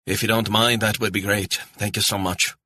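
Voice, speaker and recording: A man's voice: lowish voice, little pitch movement, moderate pace, bright, forceful tone, dry recording, studio quality, voice pushed up. A man voicing a young, educated Scottish woman who is stranded and apologetic, speaking in a pleading, earnest way. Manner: pleading, rising urgency, apologetic.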